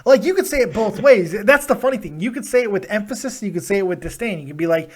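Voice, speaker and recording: A man's voice: sits high, lively intonation, quick pace, hardly any pauses. A man hosting a live call-in wrestling review show, chatting casually with callers, emphatic and playful, swearing freely.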